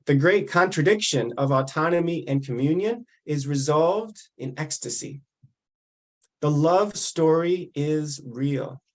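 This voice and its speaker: A man reading a prepared text aloud over a video call, measured and deliberate with pauses. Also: on the high side. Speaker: reader of the weekly code.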